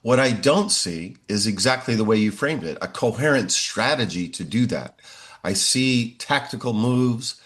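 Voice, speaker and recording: A man in his sixties, a professor answering interview questions in a measured way, often pausing on "uh". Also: mid-range voice, lively intonation, a bit bright. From United States. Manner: measured, frequent "uh" fillers.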